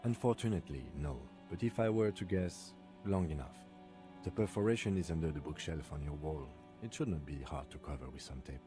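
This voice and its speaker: An actor voicing a grave male narrator in a video game, with slow, measured, deliberate delivery. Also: rumbling low, music in the background. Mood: matter-of-fact. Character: grave male narrator voice of a detective's inner senses.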